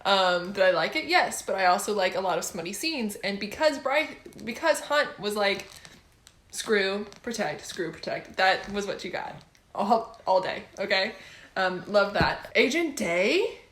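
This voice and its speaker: A young adult woman chatting casually about books she has read, gushing and excitable and often laughing. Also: mid-range voice, normal speed, reverberant. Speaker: book vlogger. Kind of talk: casual book review chat.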